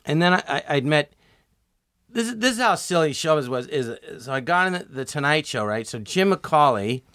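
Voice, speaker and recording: Middle-aged male comedian guest, animated storyteller, dry close sound. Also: fairly high pitch, normal speed, no room sound. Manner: animated, acts out quoted voices. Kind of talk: casual storytelling interview.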